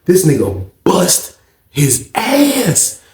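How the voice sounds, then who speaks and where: Animated man telling a storytime. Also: high voice, very slow, reverberant. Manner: animated, slangy storytelling with acted-out quotes. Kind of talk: casual storytime.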